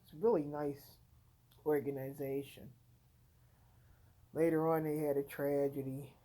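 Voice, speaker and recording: A tired woman from the United States tells her own story to the camera from home. Her voice sits low and sounds warm and mellow. She rambles frankly, in a loose, conversational way. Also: flat delivery, unhurried, poor audio. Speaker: content creator. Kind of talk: casual vlog storytelling.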